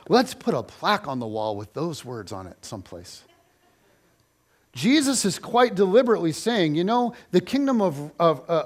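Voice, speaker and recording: A man preaching a sermon in a church, telling stories animatedly with rhetorical questions and acted-out quotes. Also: fairly high pitch. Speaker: pastor.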